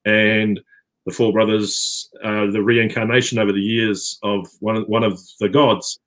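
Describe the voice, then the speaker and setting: A man's voice: fairly low pitch, level tone, a little slow, fairly bright tone. A middle-aged man with a New Zealand accent, talking casually on a video call with many fillers and restarts. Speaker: actor guest. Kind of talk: casual interview chat.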